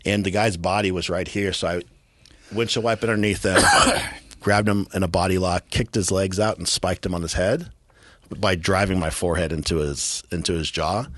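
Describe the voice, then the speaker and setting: A man from California with a very low voice tells a rough story flatly and bluntly as a podcast guest, swearing casually. The recording is dry and close, with no room sound around him. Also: normal speed, no echo. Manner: blunt, profane, matter-of-fact storytelling with streetwise grammar. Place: podcast studio.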